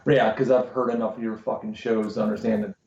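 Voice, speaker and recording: A man co-hosting a podcast tells rambling bar stories in casual chat, and he swears freely. His voice is gravelly and mellow. The stream sounds roomy and a little dull. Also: fairly low pitch, level tone, quick pace. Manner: crude, swearing storyteller. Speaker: podcast co-host.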